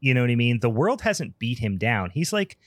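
A man's voice: medium pitch, big pitch swings, fairly quick, no echo, clean studio sound. A man co-hosting a casual film podcast, rambling in profane, laughing rants. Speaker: podcast co-host.

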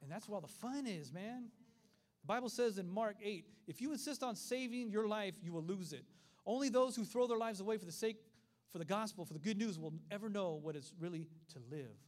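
A middle-aged man preaching a sermon, telling stories in an animated way and acting out the voices of the people in them. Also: high-pitched, fairly quick. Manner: animated storytelling with acted voices.

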